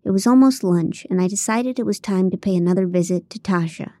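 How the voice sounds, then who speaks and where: A woman's voice: mid-range voice, fairly quick, dark tone, no room sound. A woman narrating a first-person audiobook in a dry, comic way on a close studio mic.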